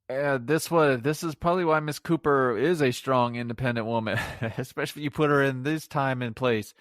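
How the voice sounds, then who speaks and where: A man's voice: medium pitch, normal speed, no echo, clean studio sound. A middle-aged man giving a casual solo movie review on a podcast, rambling and sarcastic, laughing at his own jokes.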